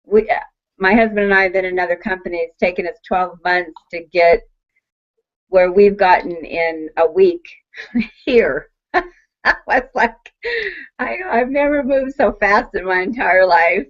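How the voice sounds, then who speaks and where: A woman's voice: fairly low pitch, unhurried. Older woman giving an eager testimonial over a dull, lo-fi call line. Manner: bubbly, laughing, acts out quotes. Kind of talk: excited personal testimonial. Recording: muffled online call audio.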